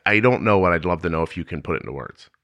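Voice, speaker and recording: Deep-voiced male podcast host, bright tone. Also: animated, racing, dry recording. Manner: earnest, searching questions with many restarts. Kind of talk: conversational interview.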